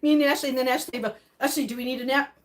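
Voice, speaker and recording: A middle-aged woman chats on a live stream in a slightly high voice. She reacts to viewer comments as they come in, emotional and laughing easily. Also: steady tone, very fast. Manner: chatty, reacting to chat comments. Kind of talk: casual live-stream chat.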